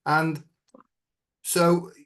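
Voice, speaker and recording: A man's voice: on the high side, flat delivery, very slow, a bit bright. A middle-aged man as an interview guest, telling a personal story in an earnest, reflective way and often checking in with "right?".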